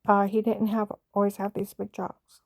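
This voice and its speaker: A woman's voice: mid-range voice, monotone, moderate pace, gravelly, a little mellow, no echo. A middle-aged woman recounting a painful family story in a rambling, emotional way, with many fillers and restarts. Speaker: mother telling her story. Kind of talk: casual personal storytelling.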